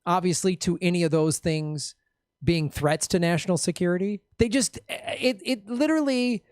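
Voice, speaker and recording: A man's voice: high-pitched, moderate pace, a little mellow, clear, resonant tone, no echo, clean studio sound. A man in casual political talk, sarcastic and joking, slipping into mocking voices.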